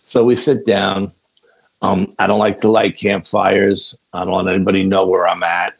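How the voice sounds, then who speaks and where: A man with a gravelly voice, telling a long story as a guest in a casual interview, often adding "you know". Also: low-pitched, little pitch movement, normal speed. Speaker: guest investigator.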